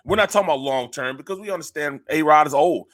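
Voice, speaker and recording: A man's voice: fairly high pitch, fast, a bit bright, no echo, studio quality. A man co-hosting sports talk radio, emphatic and repetitive, often tagging lines with "man.". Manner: emphatic, repeats phrases, says "man" often.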